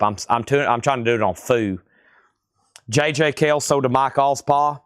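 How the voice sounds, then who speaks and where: A man hosts a live online sales stream, calling out record grades and prices in a relaxed, casual way. His voice is smooth and clear, and the sound is dry and close with no room echo. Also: mid-range voice. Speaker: host of a live record sale.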